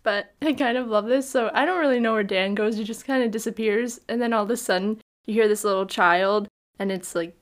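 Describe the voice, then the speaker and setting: Animated woman chatting in a film review. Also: a little high, a little fast, hardly any pauses. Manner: animated, acts out quotes from scenes. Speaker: podcast co-host. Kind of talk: casual film review chat.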